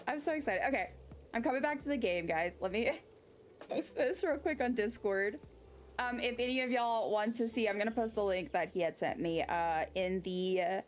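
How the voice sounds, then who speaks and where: Casual woman game streamer, mid-pitched, rambling, sidetracked, talks to chat. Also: a little hiss or hum. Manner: rambling, easily sidetracked chatter; reads chat aloud and answers it.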